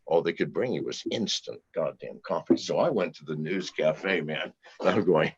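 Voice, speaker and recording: A man's voice: sits low, slightly rough, lo-fi sound. A man telling rambling, profane anecdotes with chuckles, as a guest in a casual interview. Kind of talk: storytelling in casual conversation.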